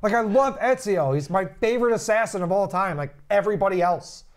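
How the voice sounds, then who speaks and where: A man's voice: high voice, lively intonation, brisk. Joking young man co-hosting a stream. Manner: joking, goofy, rambling. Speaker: stream co-host. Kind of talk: casual gaming chat.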